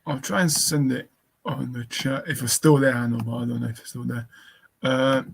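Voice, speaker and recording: A man co-hosting a live stream in casual talk, calling out to a missing co-host and spelling out a link slowly. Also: medium pitch, fairly even intonation, vocal fry, slightly rough. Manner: calls out repeatedly, spells slowly. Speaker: livestream co-host.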